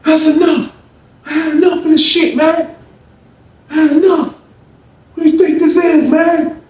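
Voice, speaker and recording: Man doing a shrill, fed-up young inmate. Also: little pitch movement, unhurried, echoey room, recorded from a distance. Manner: yelling, pleading and cursing. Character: furious young male inmate at his breaking point.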